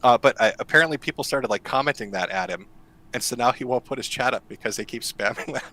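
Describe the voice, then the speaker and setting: A man in casual conversation, talking loosely with frequent fillers and quick laughs. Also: mid-range voice, pushed and bright, low-quality recording. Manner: chatty, laughs often, lots of fillers. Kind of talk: casual chat.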